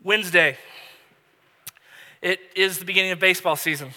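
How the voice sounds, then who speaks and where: Bright-voiced pastor in a reverberant hall. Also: male voice, high voice, steady tone, normal speed. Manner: conversational storytelling with frequent restarts. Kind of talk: sermon.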